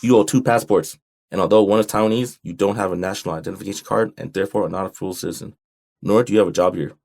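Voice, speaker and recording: A man voicing a stern female judge who speaks in brisk, formal pronouncements. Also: deep voice, gravelly, a little mellow.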